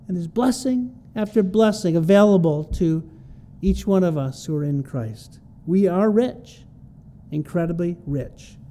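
A man delivers a sermon in a fairly high but very warm, mellow voice. He teaches in a plain, conversational way and drives points home by repeating key phrases. A faint hum sits behind him. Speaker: preacher. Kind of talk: expository sermon on a Bible passage.

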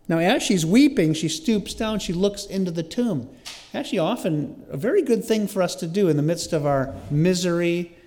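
A man's voice: on the high side, darkish tone, in a large hall. A man preaching a sermon as a pastor, reading scripture and explaining it verse by verse in an earnest way. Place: church sanctuary.

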